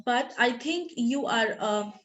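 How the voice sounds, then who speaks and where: A woman's voice: fairly high pitch, expressive, takes it slowly, a bit bright, a little hiss or hum. A woman reading aloud the lines of a worried young woman artist who defends her sick friend, in an earnest, pleading tone.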